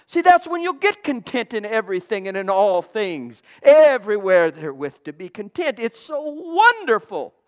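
A pastor delivering a fervent sermon. The delivery rises to loud, ringing exclamations and sinks to hushed near-whispers, with words repeated over and over for emphasis. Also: mid-range voice, sing-song, normal speed, few pauses. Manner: impassioned, swinging from loud exclamations to hushed asides.

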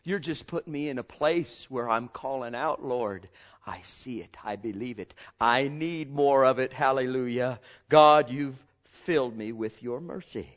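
A man preaching a sermon with passion, swinging from hushed, drawn-out words to loud cries. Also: mid-range voice, lo-fi sound.

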